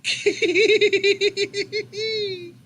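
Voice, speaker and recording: A young man co-hosting a live wrestling reaction stream who talks with excitement, laughs often and swears casually. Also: very high-pitched, very slow.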